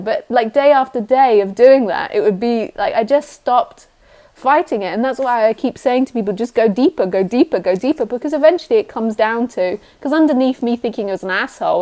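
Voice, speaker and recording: A woman's voice: fairly high pitch, dark tone. A woman speaking as a spiritual teacher in a casual video call, chatty and laughing often, swearing freely and acting out quotes. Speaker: spiritual teacher, host of live broadcast. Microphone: computer mic on a video call.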